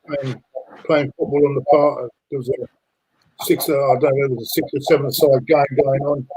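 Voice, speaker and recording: Husky-voiced blunt man. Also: mid-range voice, fairly even intonation, moderate pace, darkish tone, poor audio. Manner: blunt, swears, rambling. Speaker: co-host. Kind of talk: casual live-stream chat.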